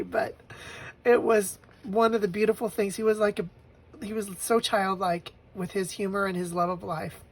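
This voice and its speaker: Woman, husky voice, emotional personal storytelling, tearful at moments, laughs while remembering. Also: medium pitch, level tone, brisk, low-quality recording. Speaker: vlogger making a grief journal.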